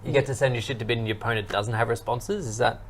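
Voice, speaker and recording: A man's voice: mid-range voice, steady tone, quick pace. A man hosting a casual podcast, joking and teasing his co-hosts. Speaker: podcast host.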